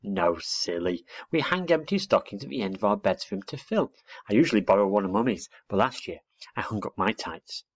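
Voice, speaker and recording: Chatty know-it-all little girl, read by a man: matter-of-fact, lively, husky, muffled. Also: fairly low pitch, a little fast, dry recording, heavily acted. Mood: explaining. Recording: dull, muffled dry recording.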